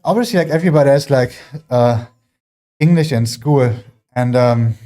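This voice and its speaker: A man's voice: medium pitch, moderate pace, warm tone. A man with a German accent, a fitness livestreamer, chatting casually and rambling with many fillers while training in his home gym. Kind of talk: casual chat while working out.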